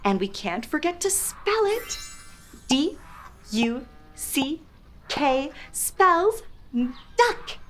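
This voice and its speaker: A young woman talks to toddlers in a high, bouncy voice that swoops up and down. She speaks very slowly and spells out words letter by letter, playful and exaggerated. A faint room hum sits behind her. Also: sing-song, fairly bright tone. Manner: exaggerated, playful, lots of laughs and gasps. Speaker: children's educational host. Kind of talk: slow, sing-song toddler teaching with animal sounds.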